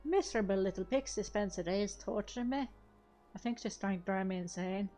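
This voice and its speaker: Brief: woman reading gruff game fisherman, vague accent, soft game music behind. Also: medium pitch, fairly even intonation, moderate pace, close to an everyday voice, poor audio. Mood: grumbling. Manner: grumbling, put-on vague accent. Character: gruff middle-aged male fisherman villager.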